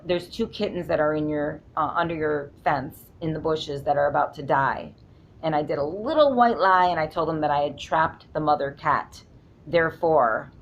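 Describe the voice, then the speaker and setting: A woman's voice: low voice, muffled recording, slight background noise. A woman vlogging from home, telling a long story in a rambling, emphatic way and often interrupting herself. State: sleep-deprived. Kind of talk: casual storytelling vlog.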